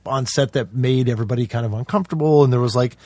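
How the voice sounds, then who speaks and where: A man in his forties, a guest actor in a casual podcast chat, telling animated stories and acting out quotes in other voices. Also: medium pitch, fast talker, dry recording.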